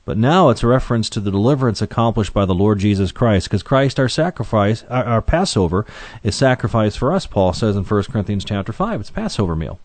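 A man teaching through a Bible passage verse by verse. He reads scripture aloud in King James wording and talks between verses in a loose, conversational way, pausing on "uh" and repeating words. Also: on the low side, animated, a little mellow, dry recording.

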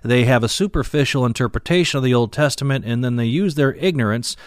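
A man teaching the Bible verse by verse, reading old-fashioned scripture aloud and explaining it with many pauses and fillers. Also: medium pitch, no echo, studio quality. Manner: reads King James verses aloud, then explains them with frequent "uh" fillers.

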